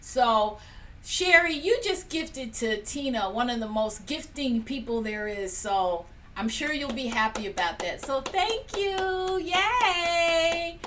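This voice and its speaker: A woman hosts a live painting stream, chatting warmly with her viewers and laughing often as she goes. Her voice is high and unhurried. She sits a little back from the mic, with a faint hum of room noise behind her. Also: animated, recorded from a distance. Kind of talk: casual live-stream chat, running a prize drawing.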